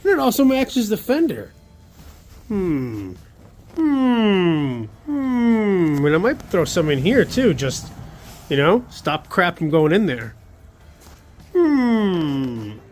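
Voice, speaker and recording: A man's voice: on the high side, huge pitch swings, measured pace, slight background noise. A man narrating a casual workshop vlog, thinking aloud as he works and cheering his own results with casual slang. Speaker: car builder.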